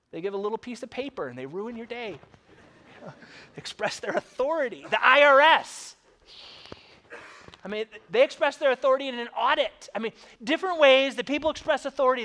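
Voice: medium pitch, fairly bright tone. A pastor preaching a sermon to a church congregation, conversational and joking, often repeating words. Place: church service before a congregation.

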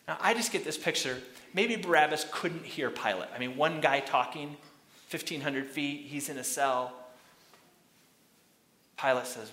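A man preaching a sermon, retelling a story dramatically and shouting out the crowd's lines. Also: on the high side, a little slow, roomy sound.

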